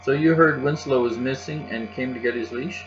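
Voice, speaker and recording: A man's voice: medium pitch, moderate pace, lo-fi sound, music in the background, voice pushed up, lightly acted. A man reading aloud, voicing an earnest, anxious young boy. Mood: puzzled.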